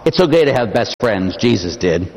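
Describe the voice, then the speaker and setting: A man's voice: lowish voice, sing-song, moderate pace. Impassioned male preacher in a reverberant church. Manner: dramatic, impassioned preaching with sudden swells to shouting and drops to near-whisper. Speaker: Catholic priest. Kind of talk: sermon. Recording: long hall reverb.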